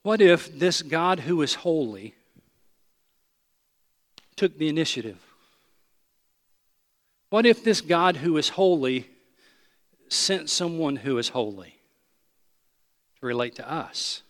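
A man preaching a sermon, emphatic and repeating his phrases, sometimes dropping to a hushed voice. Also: on the high side, animated, takes it slowly, pauses often. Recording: long hall reverb.

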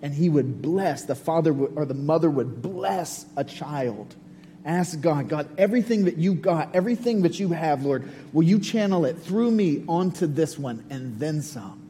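A man's voice: fairly high pitch, lively intonation, normal speed, dark tone. A man giving a sermon as a pastor, earnest and conversational, with repeated phrases. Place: church sanctuary. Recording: long hall reverb, faint hum.

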